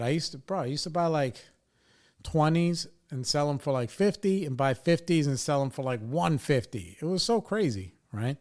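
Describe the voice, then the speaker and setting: A man's voice: fairly high pitch, expressive, moderate pace, a little mellow. Rambling, foul-mouthed storyteller guy. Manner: rambling, profane, with frequent "right?" and "you know". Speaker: podcast host. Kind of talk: casual storytelling.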